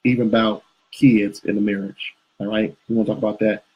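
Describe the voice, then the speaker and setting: Husky-voiced man hosting a live show. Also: fairly low pitch, level tone, brisk, lo-fi sound. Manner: rambling, with fillers and restarts. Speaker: co-host of a couples show. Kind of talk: live video chat with viewers.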